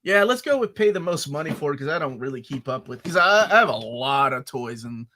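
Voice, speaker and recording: Bright, excitable man in his forties. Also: mid-range voice, fairly quick. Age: 40s. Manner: excitable, acts out his own reactions. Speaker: podcast host. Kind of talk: casual chat.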